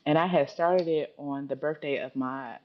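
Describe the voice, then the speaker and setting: A woman's voice: low voice, normal speed, a little hiss or hum. A woman in her thirties with a Philadelphia accent, a podcast guest telling a personal story in casual chat and acting out what others said. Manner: animated, dramatic quoting of others. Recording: muffled lo-fi podcast audio.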